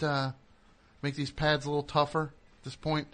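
Talking into a studio microphone, this radio host has a somewhat high, fairly bright voice that stays monotone at a moderate pace. His casual monologue wanders, full of jokes and self-interruptions.

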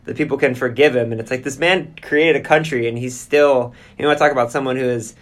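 A man hosting a podcast, asking loose, rambling questions in a relaxed, casual way. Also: medium pitch, quick pace. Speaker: podcast host. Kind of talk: casual interview chat.

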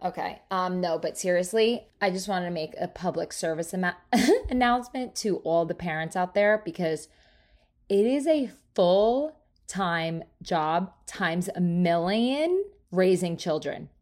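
A woman in her thirties, from New Jersey, hosting a solo podcast in a casual, animated and self-mocking way, with free swearing. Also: on the low side, a little slow. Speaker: podcast host.

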